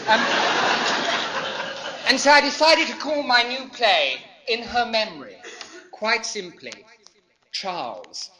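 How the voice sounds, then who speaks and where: A preening, self-adoring stage actor, played by a man, gushes in a plummy, theatrical voice with a bright, sharp edge. Faint hiss from an old vinyl recording sits behind him. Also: high voice, heavily acted, low-quality recording. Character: pompous vain old-boy actor giving a school prize speech. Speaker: visiting old boy actor. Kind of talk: 1980s comedy sketch on record.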